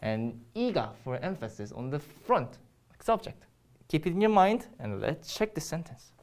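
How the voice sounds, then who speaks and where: A woman's voice: sits low, big pitch swings, normal speed, a little mellow. A woman with a Korean accent teaching a Korean grammar lesson in English, explaining step by step with frequent ums and restarts.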